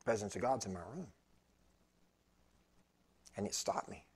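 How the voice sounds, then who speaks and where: A man preaching a sermon, telling a story with animated swings between loud bursts and hushed tones. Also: on the low side, a little slow, breathy edge.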